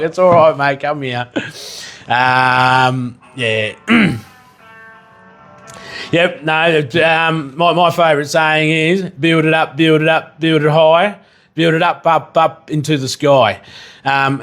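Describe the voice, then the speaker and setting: A man hosting a casual livestream while he cooks. He rambles, swears casually and bursts into excited yelling now and then. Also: a little high. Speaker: livestream host and chef.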